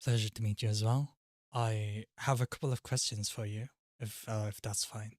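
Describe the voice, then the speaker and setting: A man voicing a polite, posh mock gentleman, stiff, overly formal and a little hesitant. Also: on the low side, steady tone, fast talker, dry recording, studio quality, lightly acted.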